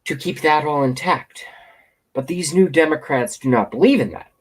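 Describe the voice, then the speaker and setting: A man's voice: on the high side, normal speed, slightly rough. A man delivering a profane, rambling political rant, repeating himself for emphasis. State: hiccups. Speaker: political commentator. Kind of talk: ranting political monologue. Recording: outdoors, passing train nearby.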